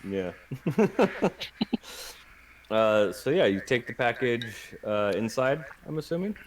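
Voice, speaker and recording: A man narrating as game master at a tabletop roleplaying game, halting and full of fillers. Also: medium pitch, lively intonation. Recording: distant mic, faint hiss.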